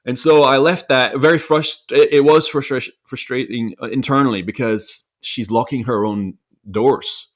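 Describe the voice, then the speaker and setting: A man in his thirties tells a story from home as a podcast co-host. He talks in a reflective, earnest way and keeps restarting his sentences, at an ordinary mid pitch. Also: fairly even intonation, moderate pace, hardly any pauses. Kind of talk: casual conversational storytelling.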